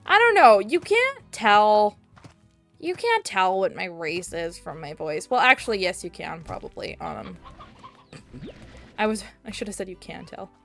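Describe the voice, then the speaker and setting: A woman's voice: medium pitch, big pitch swings, unhurried, gravelly, a bit bright, faint music behind. A young woman streaming a video game, chatting casually and rambling, with sudden squeals at the game. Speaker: VTuber streamer. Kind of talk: casual gameplay chat.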